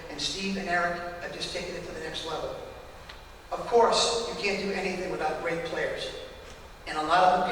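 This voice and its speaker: A man's voice: high voice, background noise. An older man, a retired baseball coach, giving an emotional and heartfelt acceptance speech at a hall of fame event. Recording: echoey hall from far off.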